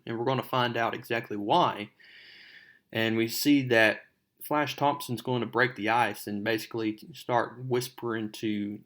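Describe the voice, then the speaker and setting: Chatty man recapping a comic book. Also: mid-range voice. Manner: relaxed and chatty, retells the plot with fillers.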